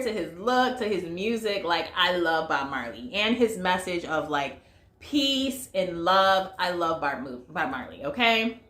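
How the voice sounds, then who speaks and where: A woman's voice: lowish voice, fairly bright tone, echoey room. A woman giving a casual vlog movie review, chatty and full of fillers, talking straight to her viewers. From United States. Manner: chatty, lots of fillers, addresses viewers as y'all.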